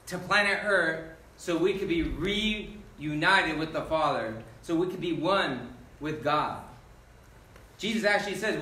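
A man's voice: fairly high pitch, sharp tone. A male pastor preaching a sermon, emphatic and calling out to the congregation for responses. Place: church sanctuary. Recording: echoey church from far off with faint noise.

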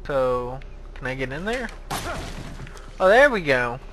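A young man playing a video game and commenting in a sarcastic, excitable, self-mocking way. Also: mid-range voice, slow pace, slight background noise, poor audio. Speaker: gaming video host. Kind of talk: let's play commentary.

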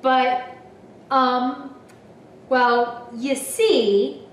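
Woman voicing a perky little pig, high and loud, sing-song, echoey room, from afar. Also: steady tone, very slow, a little hiss or hum. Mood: cheerful. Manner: hesitant fillers turning bright and sing-song. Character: cheerful, fidgety little pig. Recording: roomy, from a distance.

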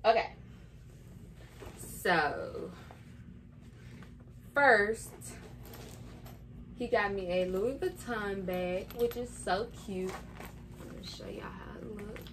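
A woman's voice: mid-range voice, drawn-out words, pauses often, a bit bright, slight background noise. A young woman vlogging in a chatty, casual way, retelling what happened and quoting herself as she goes. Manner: chatty, retells moments with "I'm like" quotes. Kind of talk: casual storytelling vlog.

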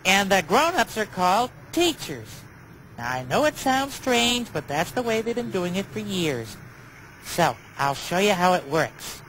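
A man voicing a big, gentle, childlike bird on children's TV, talking earnestly and sing-song to the viewer. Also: sits high, big pitch swings, a little slow, slight background noise, exaggerated voice, poor audio. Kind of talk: children's TV chat to camera.

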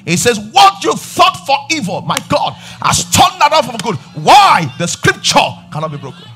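A Nigerian man preaching a church sermon in a high, bright voice that swings widely in pitch. He leans into shouted, sing-song emphasis and keeps returning to refrains. Faint music plays under him. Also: wildly swooping pitch, normal speed. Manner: repeats refrains and calls on the congregation. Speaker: pastor. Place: church service.

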